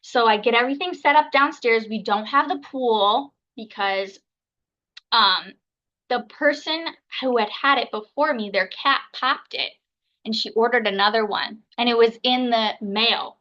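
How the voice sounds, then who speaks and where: US woman, 30s, podcast guest. Chatty, relaxed storyteller; bright, slightly high voice on a somewhat muffled recording. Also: a little slow. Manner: chatty, lots of "like" and "um", quotes herself. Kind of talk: casual storytelling.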